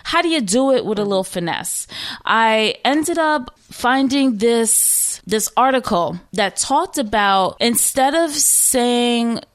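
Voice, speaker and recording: A woman hosting a podcast, chatting casually with a friend, animated and swearing freely. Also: on the high side, takes it slowly, no echo. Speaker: podcast host. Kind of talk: casual chat.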